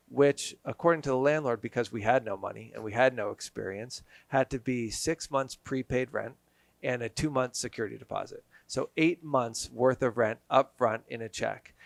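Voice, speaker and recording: A man's voice: mid-range voice, gravelly, dry recording. Man telling a story in a dry studio. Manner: animated storyteller, acts out quotes. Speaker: guest, business owner. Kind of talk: casual storytelling.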